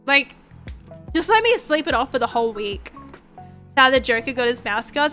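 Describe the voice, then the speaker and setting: A woman's voice: high voice, brisk, soft background music. A young woman streaming, chatting casually and swearing a lot as she rambles through stories. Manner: sweary, rambling, animated storytelling. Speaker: vtuber streamer.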